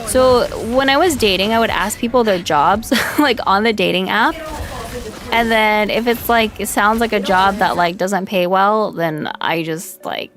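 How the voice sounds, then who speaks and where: A woman's voice: medium pitch, a bit bright. A woman streaming as a VTuber in casual, blunt chat, from Canada and filling her talk with "like" and "right?". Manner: blunt, chatty, filler-heavy with frequent "like" and "right?". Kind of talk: casual livestream chat reading viewer comments.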